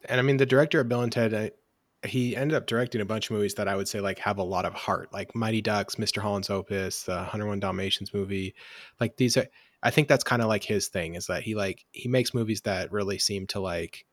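A man hosting a relaxed podcast, his voice sitting a little low and recorded close and dry. He talks in an animated way, laughs often, and leans on plenty of fillers. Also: fairly quick, dry recording. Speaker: podcast host. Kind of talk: casual podcast chat.

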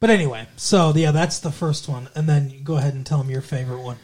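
A middle-aged podcast co-host in casual chat, rambling with lots of fillers and dropping into quick jokey impressions. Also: mid-range voice, a little mellow.

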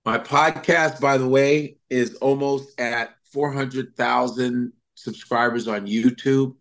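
A man's voice: medium pitch, slow pace. A man who is a comedian, chatting casually in an interview, telling stories with lots of laughter. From Chicago comedy scene. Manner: animated storyteller, slips into impressions, laughs often. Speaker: comedian guest.

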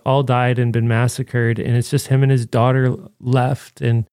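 Male podcast co-host, chatty and rambling, medium pitch, dry close sound. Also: no echo. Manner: rambling, animated, frequent "like" fillers. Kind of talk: casual film review chat.

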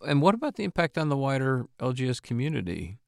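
A woman's voice: a bass voice, big pitch swings, quick pace, vocal fry, a little mellow, no room sound. A woman hosting an interview, mostly giving short reactions and asking follow-up questions. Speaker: interview host.

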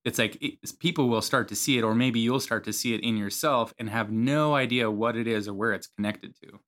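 A man's voice: mid-range voice, brisk, a bit bright. A man who is a therapist, co-hosting a podcast and talking things through in a thoughtful, casual way. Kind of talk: casual conversational explaining.

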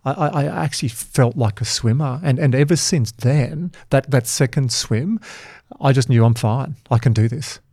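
A man hosting a podcast, telling stories in a lively way and swearing freely in casual conversation. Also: mid-range voice, normal speed, vocal fry, dry recording, clean studio sound. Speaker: podcast host.

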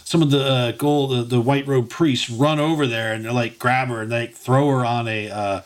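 A man's voice: mid-range voice, fairly even intonation, moderate pace. A man narrating a tabletop game as game master, rambling with many fillers and amused.

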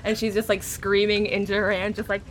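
A woman playing a tabletop game, describing her character's actions with lively energy. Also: medium pitch, a little fast, heavy background noise. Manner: lively, laughing. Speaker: player. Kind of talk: casual tabletop play.

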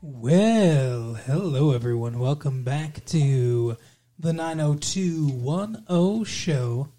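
A man's voice: a little high, lively intonation, slow, dark tone, faint music behind. A man hosting a casual podcast chat, rambling, trailing off and correcting himself as he goes. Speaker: podcast host.

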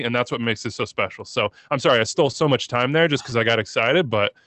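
A man co-hosting a podcast, talking about soccer in a passionate, excitable and emotional way, rambling as he goes. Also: mid-range voice, quick pace, few pauses, no echo. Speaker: podcast co-host.

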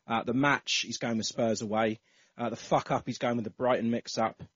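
Male podcast host, breathy tone, dry close sound, slightly dull recording, casual chat. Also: mid-range voice, fairly even intonation, normal speed, a bit bright, dry recording. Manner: reads out listener entries with many fillers.

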